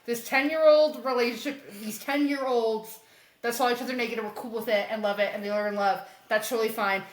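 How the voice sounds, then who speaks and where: A young woman podcast co-host recapping a comic in casual chat, animated and laughing as she acts out the characters' lines. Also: a little high, brisk. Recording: echoey room.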